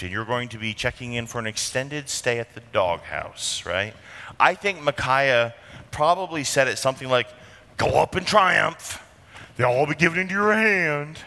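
A man preaching a sermon with earnest emphasis, slowing down on key phrases. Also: mid-range voice, sharp tone. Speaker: pastor. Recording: long reverb of a large hall.

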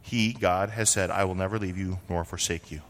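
A lower-pitched man from Vermont preaches to his congregation in an easy, conversational way. He keeps asking rhetorical questions and answering them himself. His voice trails off into the long reverb of a church hall. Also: steady tone, normal speed. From Vermont, USA. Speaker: pastor. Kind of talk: sermon.

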